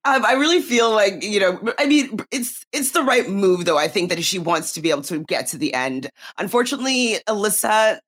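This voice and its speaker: Female co-host, husky tone, chatty opinionated commentary. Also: medium pitch, lively intonation, fairly quick, few pauses, fairly bright tone. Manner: chatty, many likes, laughs between points. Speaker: co-host giving opinions on a reality show. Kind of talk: casual podcast commentary.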